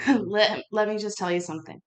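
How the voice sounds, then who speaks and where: A woman's voice: mid-range voice, steady tone, moderate pace. A woman hosting a show, reacting to court footage with crude, sarcastic and mocking remarks in a casual way. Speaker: host commenting on court footage.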